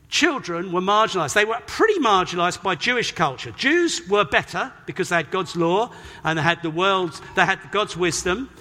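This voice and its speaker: A high, lively male voice preaching in a church hall, with a long reverb trailing his words. He is bright and forceful, and he raises his voice to act out the quotes. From Britain. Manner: animated, emphatic, acts out quoted voices. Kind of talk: sermon.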